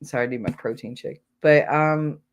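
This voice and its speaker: A middle-aged woman with a low voice talks bluntly and casually on a livestream. She rambles from one story to the next and speaks plainly. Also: moderate pace, a little hiss or hum. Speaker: livestream host. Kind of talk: casual chat.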